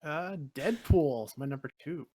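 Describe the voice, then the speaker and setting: A man with a somewhat high voice co-hosting a loose, casual podcast. He rambles through his points with many restarts and drops swear words easily. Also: expressive, a little slow, dark tone. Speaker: podcast co-host. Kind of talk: casual chat.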